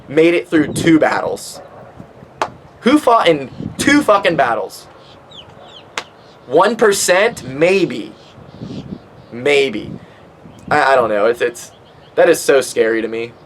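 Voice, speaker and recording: A man's voice: mid-range voice, expressive, slow pace, pauses often, a little hiss or hum, poor audio. A man in his twenties hosting a podcast, rambling casually with lots of swearing and fillers, stoned. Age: 20s. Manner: profane, rambling, with many fillers. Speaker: podcast host.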